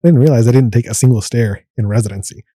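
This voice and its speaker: A man's voice: medium pitch, fast, dark tone, dry recording. A man in his thirties, a medical fellow and podcast guest, telling his story in a casual interview and acting out his own past thoughts.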